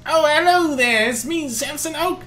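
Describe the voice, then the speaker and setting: A man putting on a high-voiced old professor. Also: normal speed, a bit bright, a little hiss or hum. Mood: friendly. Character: cheerful old male professor on a beach.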